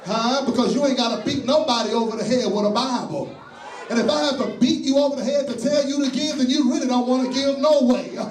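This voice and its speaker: High-pitched preacher in an echoey church. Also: male voice, brisk, recorded from a distance, some chatter behind, a little hiss or hum. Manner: call-and-response preaching, repeats phrases, rises to shouts. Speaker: pastor. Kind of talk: sermon. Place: church sanctuary.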